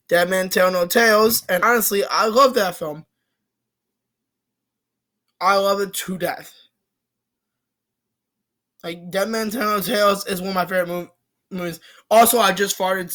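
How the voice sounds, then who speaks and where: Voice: mid-range voice, a bit bright. A casual movie reviewer rambling about a film series, with lots of fillers, restarts and casual swearing.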